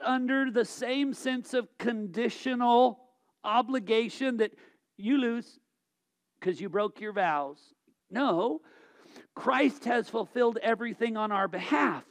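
A male preacher with a high-pitched voice delivers a sermon. He swings from loud, emphatic exhortation to quiet, reflective passages. He often stumbles and repeats words as he thinks aloud. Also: unhurried.

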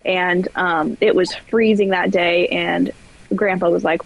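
A woman telling stories as a guest on a podcast, chatty and quick to laugh. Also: fairly low pitch, fairly even intonation, vocal fry, dull audio. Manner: chatty storyteller, laughs often. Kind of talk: casual podcast chat. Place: where floods hit badly.

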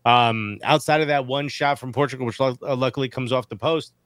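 A man co-hosting a casual sports podcast, animated and joking, using slang, on a studio mic. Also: mid-range voice, fairly quick, dry recording. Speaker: podcast co-host.

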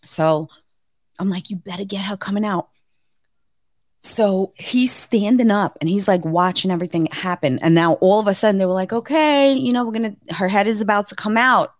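A woman's voice: normal speed, no room sound, studio quality. A woman in her thirties co-hosting a podcast, chatting casually and acting out quotes as she tells a story. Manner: animated storyteller, acts out quotes with sudden high pitch. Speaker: podcast co-host. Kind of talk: casual chat, telling a birth story.

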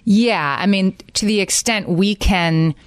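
A woman in her forties, co-hosting a casual parenting chat in a calm, reflective way and laughing at herself now and then. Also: medium pitch, takes it slowly, no echo. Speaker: podcast co-host.

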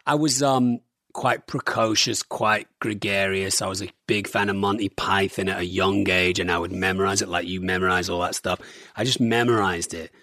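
A man's voice: deep voice, fairly even intonation, moderate pace, pushed and bright, no room sound, clean studio sound. An English man, a guest, chatting casually and telling stories in a rambling way with lots of fillers. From England. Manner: rambling storyteller, many fillers. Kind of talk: casual chat.

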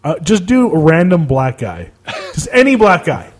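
A man co-hosting a podcast, talking in crude casual banter, loud and teasing, laughing often. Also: a little high, wildly swooping pitch, moderate pace. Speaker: podcast co-host. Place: studio room in southern Utah.

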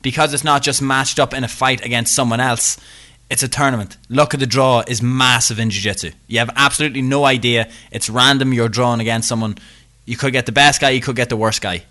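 A man's voice: medium pitch, steady tone, fairly quick, sharp tone. A young Irish man co-hosting a podcast, chatty and jokey, talking himself up. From Ireland. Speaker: podcast co-host. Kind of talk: casual podcast chat.

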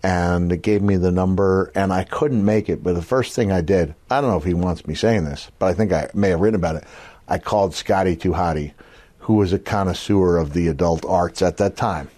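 A man's voice: low-pitched, a little fast, dark tone. A middle-aged man on a podcast, telling long rambling stories with many fillers and acting out the people he quotes. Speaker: podcast co-host, former wrestler. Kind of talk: casual storytelling chat.

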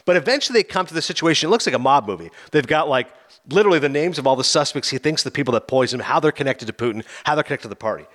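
A man's voice: medium pitch, very fast. A man chatting casually as a film reviewer, animatedly acting out scenes. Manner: animated, acts out scenes with quoted voices. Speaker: film reviewer on a talk show. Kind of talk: casual chat.

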